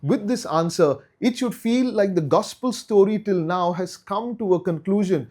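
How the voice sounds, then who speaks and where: A man's voice: sits high, normal speed, dark tone. A man teaching a Bible study in an earnest way, repeating key phrases for emphasis.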